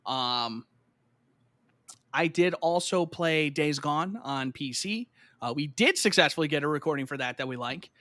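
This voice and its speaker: A man's voice: fairly high pitch, expressive, unhurried, bright, forceful tone, no echo. A man co-hosting a podcast in casual gaming chat, rambling with lots of "like" and swearing, and getting heated and emphatic when he rants. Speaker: podcast co-host.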